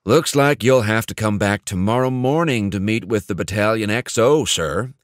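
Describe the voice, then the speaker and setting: A man's voice: lowish voice, normal speed, dry recording, clean studio sound, lightly acted. Brief: male narrator doing a petty, sneering Marine gunnery sergeant, snappish and condescending. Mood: snapping.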